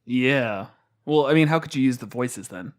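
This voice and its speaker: Podcast co-host, man, casual and rambling, mid-pitched voice, talks through rules aloud. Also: expressive, moderate pace. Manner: rambling, many fillers and restarts. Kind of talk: casual tabletop game chat.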